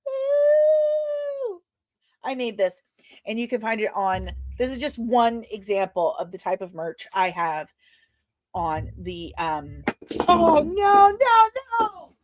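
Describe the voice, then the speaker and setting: A woman's voice: medium pitch, fairly even intonation, a little slow, no echo. A woman hosting a podcast in casual chat, rambling and self-deprecating with many fillers. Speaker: podcast host and comic creator.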